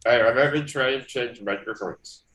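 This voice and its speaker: A man's voice: mid-range voice, moderate pace, fairly bright tone, far from the mic, rough recording. A man with a Welsh accent, flustered and apologetic while he sets up an interview. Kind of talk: casual chat.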